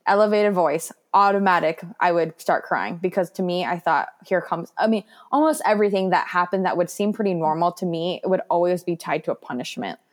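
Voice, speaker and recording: This is a young woman speaking in a voice set a little lower than most. She is candid and reflective as she talks, earnest and loose, with plenty of "like" fillers along the way. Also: a little fast, few pauses. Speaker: guest sharing her foster care story. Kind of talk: candid personal interview.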